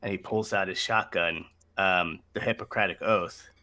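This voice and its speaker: A man's voice: sits low, fairly even intonation, normal speed, pushed and bright. A man playing in a tabletop game, thinking aloud with hesitant, stammering restarts. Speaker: player. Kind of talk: casual tabletop play.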